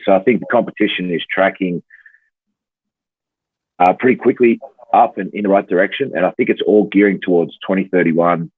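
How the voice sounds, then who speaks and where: A man's voice: low voice, dry recording. An Australian man in his thirties, a podcast guest talking in an easygoing, casual way and laughing easily. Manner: easygoing, laughs easily, hedges with "I think" and "you know". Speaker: podcast guest, rugby player. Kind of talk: casual chat. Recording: dry tinny phone-like call audio.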